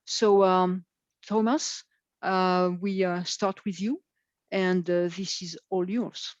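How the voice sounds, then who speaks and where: A woman moderating an online event, speaking haltingly with many filler sounds. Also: fairly low pitch, steady tone, no room sound. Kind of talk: hesitant live announcements. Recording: dull lo-fi video call audio.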